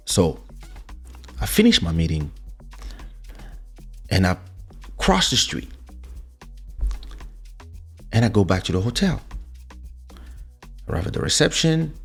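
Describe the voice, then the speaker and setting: A low, husky-voiced man telling a personal story with lots of swing in his voice. He gets excited, repeats words and jumps high. Faint music plays behind him. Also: slow, long pauses. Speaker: show host. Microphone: studio USB microphone.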